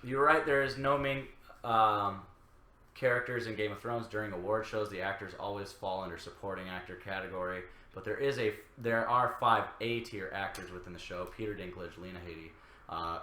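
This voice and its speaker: Guy reading fan comments out loud, kinda low and bright, lots of uhs, echoey room. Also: fairly even intonation, slight background noise. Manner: halting, frequent uh fillers while reading. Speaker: co-host of a reaction show. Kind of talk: casual chat, reading viewer comments aloud.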